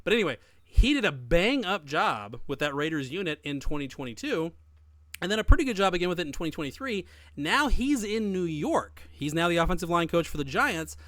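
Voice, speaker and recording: A man co-hosting a podcast in casual chat, talking emphatically with lively swings in his voice. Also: a little fast, dry recording. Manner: emphatic, animated, with big swings in pitch. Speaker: podcast co-host.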